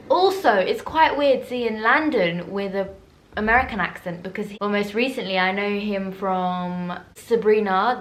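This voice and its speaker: A woman's voice: medium pitch, slight background noise. A young woman, chatting casually and laughing easily as she reacts to and reviews a film. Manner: chatty, animated, quick to laugh. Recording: roomy echo.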